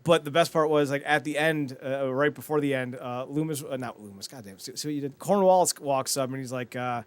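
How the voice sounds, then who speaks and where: A man co-hosting a casual talk show, animated and swearing, acting out scenes as he recaps them. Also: medium pitch, quick pace, few pauses, clear, resonant tone, no room sound. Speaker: podcast co-host.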